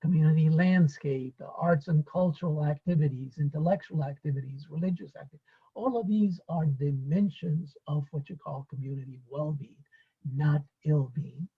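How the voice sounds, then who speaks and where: Husky man lecturing in a webinar. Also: fairly high pitch, moderate pace, narrow, tinny audio. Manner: unscripted, with fillers and restarts.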